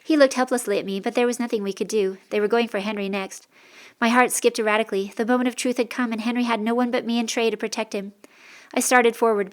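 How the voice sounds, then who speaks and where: A woman reading a first-person story as an audiobook narrator, steady and clear. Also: medium pitch.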